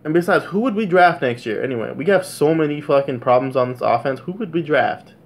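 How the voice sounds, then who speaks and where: A young man vlogging a casual, profane rant about his football team, exasperated and prone to loud outbursts. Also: a little high, expressive, brisk. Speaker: sports vlogger.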